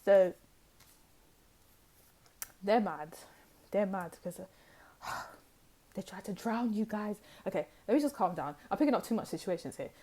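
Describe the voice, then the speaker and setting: A young woman giving a pick-a-card tarot reading, talking in an emphatic, animated way and repeating phrases for stress. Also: medium pitch, a little slow, long pauses. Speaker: tarot reader.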